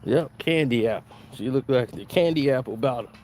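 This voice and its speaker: A man's voice: mid-range voice, lively intonation, moderate pace, darkish tone, a little hiss or hum. A man who hosts his own channel, joking through a casual commentary, laughing often and slipping in slang. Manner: laughs often while talking, slangy, acts out voices. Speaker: vlogger.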